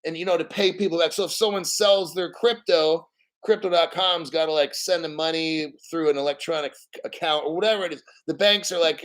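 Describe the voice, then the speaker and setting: Middle-aged male host, raised pitch and sharp timbre, blunt, swearing, rambling livestream rant. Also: quick pace. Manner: blunt, profane, rambling, reads out news. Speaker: crypto channel host. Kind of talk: casual live stream rant.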